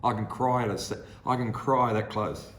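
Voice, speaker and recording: An Australian man in his sixties tells anecdotes as a podcast guest, rambling and restarting as he goes. His voice sits at an ordinary middle pitch. The recording has a roomy echo around it. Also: steady tone, moderate pace. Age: 60s. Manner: rambling, many restarts, acts out quoted people. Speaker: guest consultant. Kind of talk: anecdotal storytelling.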